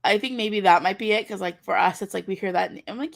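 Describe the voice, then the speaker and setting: Woman co-host, playful and chatty, raspy vocal fry. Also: medium pitch, fast talker. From United States. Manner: playful, spins silly imagined scenarios. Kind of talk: casual chat.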